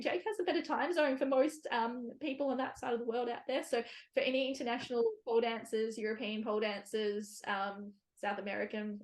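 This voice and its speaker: A woman hosting a casual podcast conversation, chatty, with many fillers and easy laughs. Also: fairly high pitch. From Australia. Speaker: physiotherapist podcast host.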